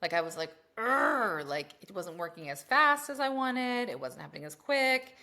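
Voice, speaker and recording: A woman's voice: lowish voice, moderate pace. A woman co-hosting a casual podcast chat. She is a mother who tells stories in a brash, profane way and acts out her own past rants in a raised voice. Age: adult with children. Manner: profane, animated storytelling. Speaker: podcast co-host.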